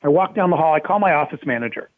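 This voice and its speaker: Male CEO guest, high voice, animated storyteller, thin phone-quality audio. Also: very fast, slight background noise. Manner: lively storyteller, acts out quoted voices, laughs often. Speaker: company CEO, interview guest. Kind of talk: anecdotal storytelling in an interview. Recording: tinny phone-like line.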